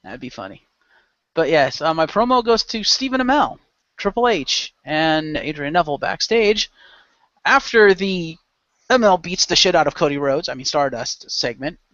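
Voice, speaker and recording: A man's voice: on the high side, animated, moderate pace, a bit bright, no room sound. A man hosting a casual podcast chat, rambling through stories with lots of fillers. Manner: rambling, filler-heavy storytelling. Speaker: podcast host. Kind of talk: casual chat recapping wrestling. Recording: dull, dry lo-fi podcast audio.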